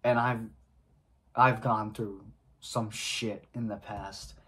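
Guy vlogging, talks real slow, lots of pauses and throat clearing, just telling a story casually. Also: lowish voice, fairly even intonation, a bit bright.

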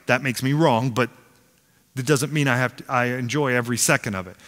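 A man's voice: mid-range voice, a little fast. A middle-aged man preaching a sermon as pastor, telling stories with humor and acting out the voices in them. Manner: animated storyteller, acts out quotes, self-deprecating humor. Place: large church sanctuary. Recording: long hall reverb.

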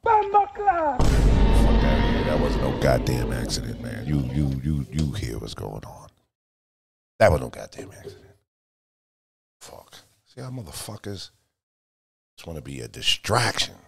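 A man hosting a casual live stream, talking in an animated, profane way that swings from shouts to mutters. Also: extremely low pitch, moderate pace, vocal fry, long pauses, music in the background. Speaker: streamer and host.

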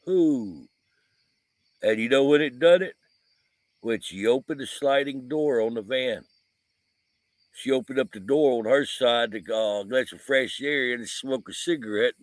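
A man's voice: mid-range voice, no echo. A man telling a rambling, folksy story in a casual vlog, full of fillers, outdoors at night by a camper van. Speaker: vlogger, paranormal investigator. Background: crickets and insects.

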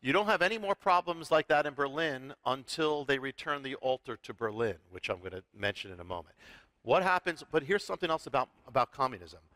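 A middle-aged man, a rabbi, teaching Bible prophecy on a talk show in an animated, storytelling way, often restarting and repeating words. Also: medium pitch, a little fast, no room sound. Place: TV studio with audience.

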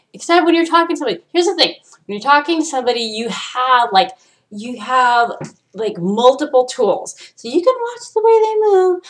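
A woman hosting a solo podcast, ranting in a profane, animated way and swinging between loud outbursts and low asides. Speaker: podcast host.

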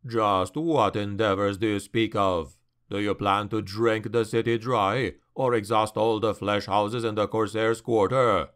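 A man voicing a scornful, imperious male dark elf warlord in a fantasy audiobook, speaking slowly and with contempt. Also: fairly low pitch, steady tone, clean tone, voice pushed down.

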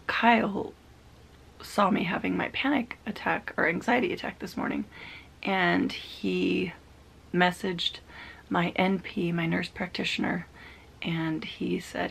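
A woman in her thirties recording a personal video diary, talking in a soft, halting, confiding way that often drops to a half-whisper. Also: mid-range voice, steady tone, creaky, husky. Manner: emotional, confiding. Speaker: vlogger.

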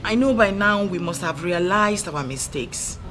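An actress with a Nigerian accent playing an eldest princess sister who apologizes solemnly. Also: female voice, on the low side, animated, measured pace, music in the background. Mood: remorseful.

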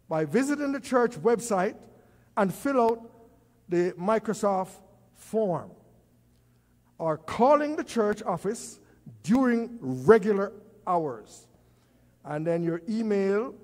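A man giving church announcements, slow and repetitive, dropping in praise phrases and repeating key dates for emphasis. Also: high-pitched, darkish tone. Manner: frequent praise interjections. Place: church sanctuary. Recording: reverberant church hall.

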